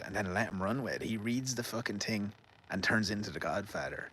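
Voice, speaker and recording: A man's voice: fairly low pitch, brisk, bright, forceful tone, slightly rough, rough recording. An Irish man vlogging outdoors in a garden, telling a loose, sweary anecdote in a casual rambling way, laughing and fumbling over names. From Ireland.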